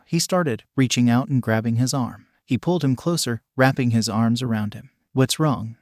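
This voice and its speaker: A man reading a fan fiction story aloud in a steady, even narration, voicing the dialogue with little change. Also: medium pitch, no room sound, clean studio sound. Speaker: fanfic reader. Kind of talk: scripted narration.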